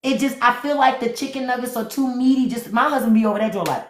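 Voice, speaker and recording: A woman's voice: fairly high pitch, quick pace, a little hiss or hum. A woman hosting a live stream in casual chat, candid and laughing, swearing freely. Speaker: livestream host. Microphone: phone during a live stream. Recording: echoey room.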